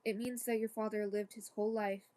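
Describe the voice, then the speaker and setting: Woman reading as a soft-spoken kind doctor. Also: mid-range voice, little pitch movement, a little fast, slight background noise, lightly acted. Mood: gentle. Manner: gentle, reassuring, softly spoken.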